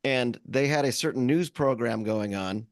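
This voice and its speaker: Male podcast co-host, casual rambler, medium pitch, dry close-miked read. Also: moderate pace, no echo. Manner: rambling, many restarts. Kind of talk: casual chat.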